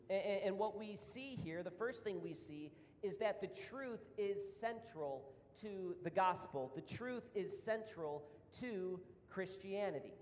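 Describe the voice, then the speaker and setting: A man's voice: high-pitched, measured pace, hardly any pauses, darkish tone. An earnest male pastor delivering a sermon with a slightly raised voice. He builds to emphatic, repeated points and sounds a little out of breath. A long hall reverb trails his words, with a faint hum beneath. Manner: earnest, rising to emphatic repetition.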